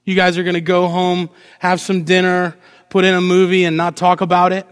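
Briskly and with a clean tone, a pastor preaches from the pulpit in a voice high for a man. His lively delivery includes rhetorical questions aimed at the congregation and playful acting out of short lines, carried by the long reverb of a large sanctuary.

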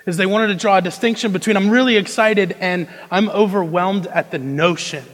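A young man preaching a sermon, moving between hushed intensity and loud, emphatic delivery. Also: sits high, brisk. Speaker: pastor. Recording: long reverb of a large hall.

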